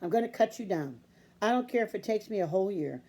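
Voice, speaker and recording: A woman's voice: mid-range voice, expressive, quick pace, dark tone. A woman voicing a determined young country boy in a storybook reading, speaking earnestly. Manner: earnest and pleading.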